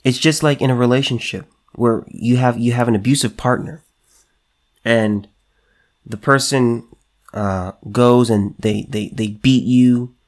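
A man's voice: mid-range voice, steady tone, measured pace. Emphatic man on a solo commentary show. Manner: emphatic and repetitive, restarts often, reads news aloud.

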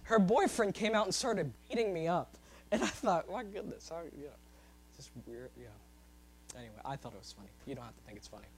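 A man preaching a sermon, swinging from loud, high-pitched emphasis to soft, low asides. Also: expressive, brisk, slightly rough, low-quality recording.

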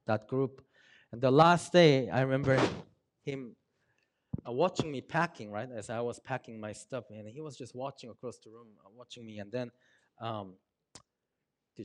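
An earnest man shares a personal testimony at a mid-range pitch for a man. He tells his story in a halting way, stopping often with small ums. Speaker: speaker sharing a personal testimony.

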